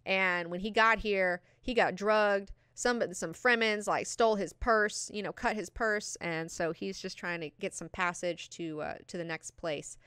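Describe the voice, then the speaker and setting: A woman in her thirties hosting a book club, talking in an animated, slangy and profane way. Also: mid-range voice, measured pace, hardly any pauses, clean tone, dry recording, clean studio sound. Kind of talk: casual book recap.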